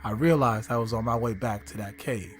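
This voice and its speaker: A young adult man hosting a podcast, telling a personal story in a slangy, animated way, with some swearing and laughs, and reading chat comments aloud. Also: lowish voice, brisk, soft background music. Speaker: podcast host.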